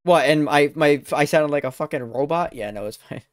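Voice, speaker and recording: A man's voice: a little high, fairly quick, no room sound, studio quality. A young man hosting a livestream, talking in a flustered, scattered way with restarts and swearing. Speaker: streamer. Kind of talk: casual chat on a livestream.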